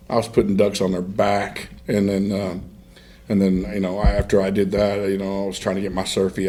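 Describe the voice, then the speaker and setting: A man with a fairly low voice, middle-aged, spinning casual stories as a podcast guest. He backtracks and restarts often and laughs easily at his own tales. The delivery is loose and unscripted. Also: darkish tone. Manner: rambling, self-interrupting storyteller who laughs through his own stories. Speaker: guest, duck hunter. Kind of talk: casual storytelling in a podcast interview.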